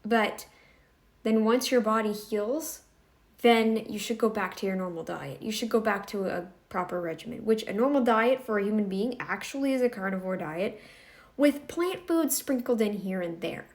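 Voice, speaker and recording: A woman's voice: mid-range voice, expressive, normal speed. A woman giving casual reaction commentary in a blunt, scolding, emphatic way.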